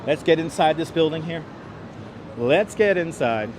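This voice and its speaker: Male livestream host, slightly high voice, upbeat and chatty, greets viewers one by one. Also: animated, measured pace, noisy background. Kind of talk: walking livestream, reading chat aloud. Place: city streets and a large indoor station hall. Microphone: wireless clip-on mic.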